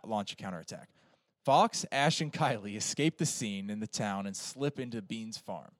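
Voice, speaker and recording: On a film podcast, a mid-range male voice works steadily through a plot summary, dropping in fillers whenever he adds casual remarks of his own. The recording is dry, with clean studio sound.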